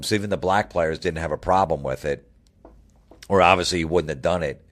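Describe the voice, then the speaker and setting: A man's voice: sits low, a little fast. A man hosting a radio show, delivering a heated, profane, sarcastic rant. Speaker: radio host. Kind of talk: ranting monologue.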